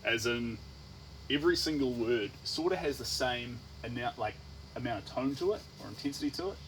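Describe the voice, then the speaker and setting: A man's voice: medium pitch, lively intonation, fairly quick, a bit bright, a little hiss or hum, poor audio. Rambling New Zealand man chatting. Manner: rambling, playful, full of restarts and tangents. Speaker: artist. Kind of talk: casual livestream chat while painting.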